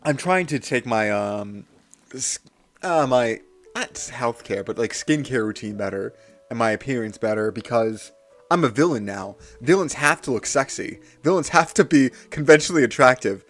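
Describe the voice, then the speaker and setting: A man's voice: medium pitch, animated, normal speed, a bit bright, faint music behind. A young man livestreaming, doing a playful mock-villain rant in casual chat, with frequent restarts. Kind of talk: casual live-stream rant.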